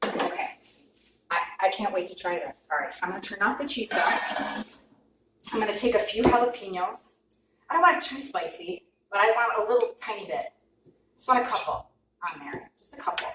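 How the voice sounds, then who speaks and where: A woman chatting excitedly to viewers as she cooks and tastes food, gushing and talking straight to the camera. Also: mid-range voice, moderate pace, background noise. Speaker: cooking vlogger. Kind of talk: casual cooking chat to camera. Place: home kitchen. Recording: echoey kitchen, mic at a distance. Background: clinking dishes and cutlery.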